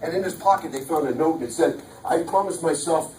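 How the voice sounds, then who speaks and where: A man's voice: on the high side, brisk, darkish tone, a little hiss or hum. A man giving a punchy, joking motivational sales talk to a live audience, recorded from a distance in a large hall. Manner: punchy, jokey, preacher-like. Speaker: motivational speaker. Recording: echoey hall from far off.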